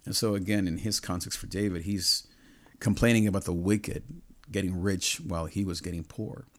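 A man's voice: deep voice, fairly even intonation, moderate pace. A middle-aged man preaching a personal sermon, earnest and repetitive, stacking phrases into building lists.

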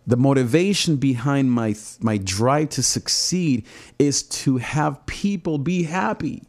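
In a personal reflection talk, a middle-aged Southern California pastor describes his drive with earnest, animated delivery, speaking slowly at medium pitch. Repetition of words helps him build intensity.

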